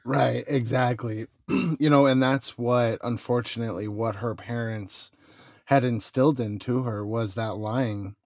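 A man's voice: mid-range voice, steady tone, measured pace, vocal fry, a little mellow, dry recording. Conversational male podcast host, dry. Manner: conversational, filler-heavy with "you know". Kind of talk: casual chat.

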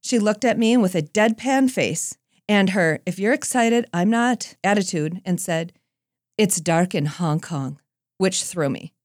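A woman giving a Christian talk, telling a personal story in a lively, conversational way with self-deprecating asides. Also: medium pitch, unhurried, no echo, studio quality. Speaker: Christian speaker.

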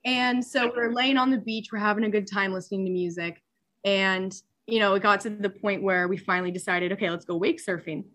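Chatting casually, a young woman who works as a superyacht stewardess recounts a story with lots of laughter and animation, packing in filler words. She speaks at a medium pitch and a brisk clip.

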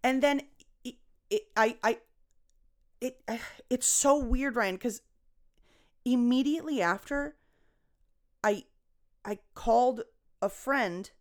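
Rambling, expressive comedian woman, higher voice. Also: takes it slowly, long pauses. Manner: rambling, expressive, swears and laughs often. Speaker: guest comedian. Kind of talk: casual podcast conversation.

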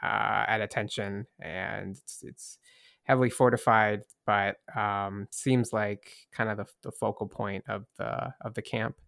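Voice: mid-range voice, steady tone, a little slow, gravelly, fairly bright tone, no echo, clean studio sound. A game master narrating a tabletop game in a hesitant way, with many restarts.

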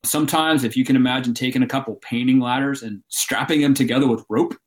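A man from Alabama, a mountain guide telling climbing stories in an interview, animated and laughing often. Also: mid-range voice, fast talker. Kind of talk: storytelling interview.

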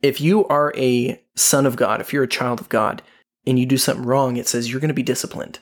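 A man hosting a casual Christian podcast, affirming his co-host and reading scripture slowly and deliberately. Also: mid-range voice, steady tone.

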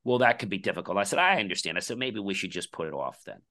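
Low-voiced man telling a lively story. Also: quick pace. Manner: animated storyteller acting out quoted dialogue. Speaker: podcast guest, company founder. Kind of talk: anecdotal storytelling in a conversation.

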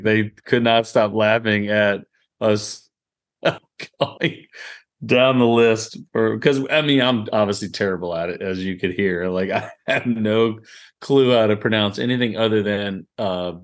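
A man with a Southern drawl, co-hosting a golf podcast in a rambling, easygoing way with frequent laughs. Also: on the low side. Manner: rambling, laughs often, lots of "I mean". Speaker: podcast co-host. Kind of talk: casual golf podcast chat.

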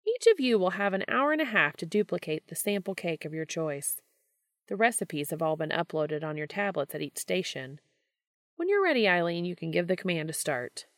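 A woman's voice: lowish voice, very animated, normal speed, no room sound, clean studio sound. A woman voicing a brash, joking male game show host in a fan story reading. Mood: teasing showman. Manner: teasing, showy.

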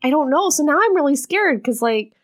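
A woman's voice: high-pitched, expressive, brisk. A woman podcast co-host chatting over a remote call, telling stories dramatically and anxiously. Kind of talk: casual chat.

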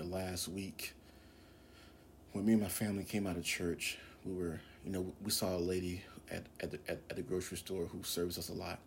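Deep-voiced man praying fervently. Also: little pitch movement, moderate pace, creaky, slight background noise. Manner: impassioned, drops into whispers, repeats phrases. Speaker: preacher. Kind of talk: fervent spoken prayer and exhortation.

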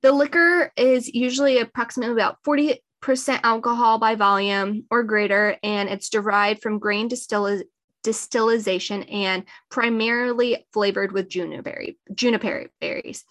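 A woman's voice: on the high side, moderate pace. Young woman host explaining history. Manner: relaxed, explanatory with small stumbles. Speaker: podcast co-host. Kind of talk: casual chat, explaining history.

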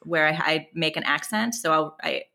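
A woman's voice: low-pitched, normal speed, creaky, sharp tone. A woman host and parent speaking candidly and self-reflectively in a casual chat, laughing easily.

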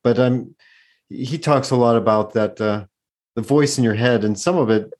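A man's voice: mid-range voice, normal speed, a little mellow. A man hosting a podcast in casual conversation, engaged and thoughtful, with frequent "uh" fillers.

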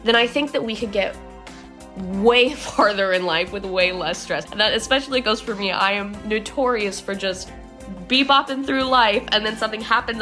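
A woman's voice: medium pitch, brisk, pushed and bright. An upbeat young woman talks through a daily devotional in a loose, chatty way, often saying "like." Her voice sits in the middle range. Faint music plays behind her. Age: young adult. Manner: chatty, upbeat, uses "like" a lot. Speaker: podcast devotional host. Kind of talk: casual devotional talk.

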